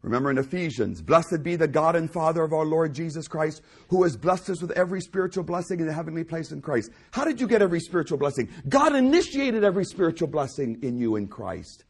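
A man preaching a sermon, repeating lines for emphasis and dropping from loud declarations to hushed, low phrases. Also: big pitch swings, quick pace, hardly any pauses, slightly rough.

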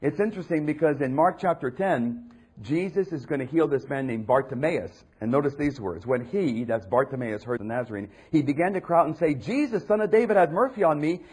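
Animated husky-voiced male preacher. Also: medium pitch, a little fast. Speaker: pastor. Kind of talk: sermon.

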